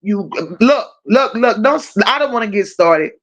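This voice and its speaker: Her high-ish voice is animated but measured, and the recording sounds muffled. As a livestream host, she reads out comments from viewers and answers with teasing, profane banter in casual live chat.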